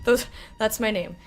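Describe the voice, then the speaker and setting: A woman's voice: medium pitch, vocal fry. Joking woman streamer. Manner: chatty, joking, self-mocking. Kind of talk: gameplay commentary.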